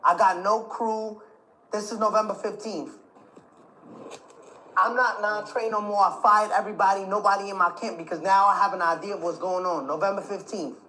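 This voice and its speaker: A man's voice: high-pitched, steady tone, fairly quick, pushed and bright, slight background noise, low-quality recording. Emphatic man recounting a story. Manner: emphatic, repeats dates and phrases, acts out quoted dialogue. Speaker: interview guest. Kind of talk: casual interview storytelling.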